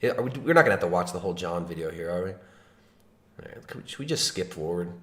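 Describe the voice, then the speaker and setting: A man's voice: low-pitched, lively intonation, fast, a bit bright, roomy sound. A man hosting a livestream, giving mocking reaction commentary in a sarcastic, laughing way. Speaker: livestream host.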